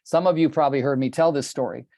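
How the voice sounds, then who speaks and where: A man's voice: medium pitch, fast talker, dark tone, no echo. An older man leads a coaching call, telling his stories with blunt passion and the odd curse word. His voice sits in the middle range and the sound is dry and close, with no room around it. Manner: blunt, passionate, swears casually. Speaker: real estate coach. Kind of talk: group coaching call, storytelling. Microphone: video call.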